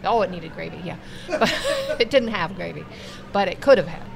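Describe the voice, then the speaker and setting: A woman's voice: on the low side, animated, moderate pace, gravelly. A woman on a casual podcast panel, speaking bluntly and matter-of-factly.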